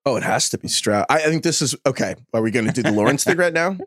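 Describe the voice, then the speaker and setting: Animated man on a dry studio mic. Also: medium pitch, dry recording. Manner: animated, rambling, quick asides. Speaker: podcast co-host. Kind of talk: casual sports chat.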